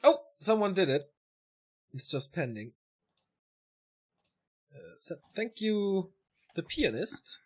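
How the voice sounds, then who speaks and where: Bantering male co-caster with lively pitch. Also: slow pace, pauses often, slightly rough. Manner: bantering, relays results and announcements. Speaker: esports co-caster. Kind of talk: live game commentary.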